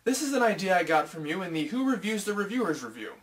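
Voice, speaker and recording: A man from the United States running a jokey film review, his voice pitched high for a man. He delivers his lines with dry sarcasm and pokes fun at himself. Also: big pitch swings, fast talker. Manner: sarcastic, self-mocking. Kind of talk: comedic video review.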